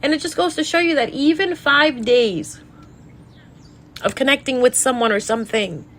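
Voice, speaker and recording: A woman's voice: high-pitched, normal speed, fairly bright tone, a little hiss or hum. A tarot reader, a woman, talking casually and emotionally, sad and tearful, rambling and restarting her sentences. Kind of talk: casual storytelling monologue.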